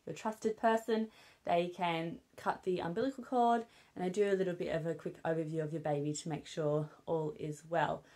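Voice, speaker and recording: A woman's voice: on the low side, darkish tone. A young woman with a British accent, chatting candidly to camera as a vlogger, with many fillers like "um" and "obviously". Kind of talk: casual chat to camera. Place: at home with her newborn.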